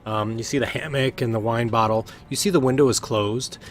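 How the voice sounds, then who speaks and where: A man narrating a tabletop game as game master in a casual, relaxed way with many ums and uhs. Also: mid-range voice, fairly quick, slight background noise.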